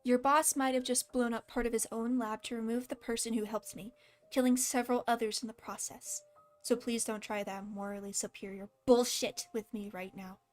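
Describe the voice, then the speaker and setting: A guarded, desperate skeleton hero from a fan story reading, read by a woman with a slight lisp. The voice sits fairly high, and faint music plays behind it. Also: steady tone, moderate pace, lightly acted. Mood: bitter.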